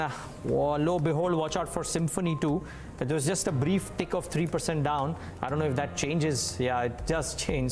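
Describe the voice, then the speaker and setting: A man with an Indian English accent anchoring live business news, thinking aloud as he checks market rates. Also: on the high side. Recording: music bed under studio voice.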